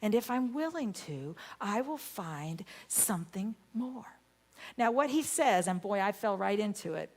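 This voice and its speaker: A woman minister giving a sermon, telling a story with animated, emphatic bursts. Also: mid-range voice, measured pace. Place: church sanctuary.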